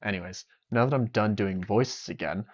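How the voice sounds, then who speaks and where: Young male streamer, low voice, rambling jokey self-talk, dull lo-fi audio. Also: normal speed. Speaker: game streamer. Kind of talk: casual gameplay streaming. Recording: dull lo-fi sound.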